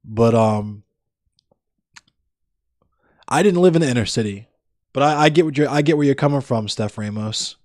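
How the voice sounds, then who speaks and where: A man's voice: mid-range voice, normal speed, long pauses, a little mellow, dry recording, clean studio sound. A young man livestreaming, chatting casually with viewers in a blunt, profane, ranting way. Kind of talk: casual chat with live viewers.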